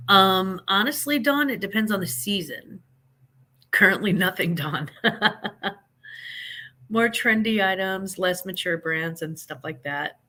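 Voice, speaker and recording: A woman's voice: mid-range voice, pushed and bright. A woman, hosting a casual live chat and greeting viewers by name in a chatty, folksy way. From American Midwest. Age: 50s. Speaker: livestream host.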